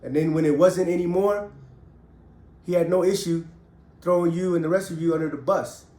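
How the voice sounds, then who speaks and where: This middle-aged ex-prisoner speaks candidly about his own life, heated and blunt, swearing emphatically and freely. His voice is high-pitched yet dark in tone, at a moderate pace, in an echoey room.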